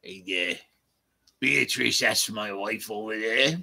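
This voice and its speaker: A man's voice: on the low side, takes it slowly, vocal fry, sharp tone, slightly rough, exaggerated voice. A man doing an impression of a rambling man who swears offhandedly about his wife and his enemies.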